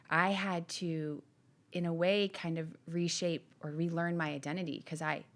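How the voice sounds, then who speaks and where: A middle-aged woman, a pastor's wife co-hosting a podcast, talking openly and animatedly with her husband. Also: deep voice. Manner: open, animated, laughs easily. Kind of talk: casual conversation with her husband.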